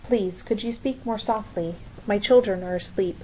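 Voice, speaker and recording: A polite mother speaks quietly and calmly, voiced by a woman reading a storybook. She is courteous but guarded. Her tone is warm and mellow. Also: mid-range voice, normal speed, slight background noise, close to an everyday voice, low-quality recording.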